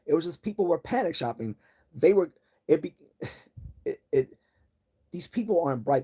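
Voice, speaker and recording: A man with a calm, low-key voice hosts his own livestream in a loose, rambling monologue. His tone is warm and mellow, sitting at an ordinary pitch for a man. He keeps doubling back on words and drifting into tangents. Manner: tangent-prone, many restarts and repeated words. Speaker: livestream host.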